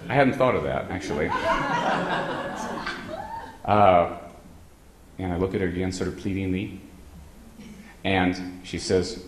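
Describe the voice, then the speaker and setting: Brief: low-pitched male speaker, rambling humorous anecdotes to an audience, hall echo. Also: measured pace, pauses often, heavy background noise. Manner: rambling anecdotal delivery, frequent hesitant fillers. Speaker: guest speaker. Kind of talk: humorous storytelling talk to a live audience. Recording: roomy hall sound with faint ambience.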